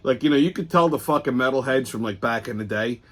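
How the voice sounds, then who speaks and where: A man's voice: mid-range voice, fast. A middle-aged man hosting his own show, telling profane, blunt stories in a casual monologue. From Sicilian heritage. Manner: profane, blunt, animated storyteller. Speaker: host.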